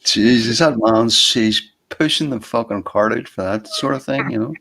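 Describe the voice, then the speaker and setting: A man's voice: medium pitch, moderate pace, gravelly, a bit bright. A man co-hosting a livestream in rambling casual chat, swearing freely. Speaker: livestream co-host.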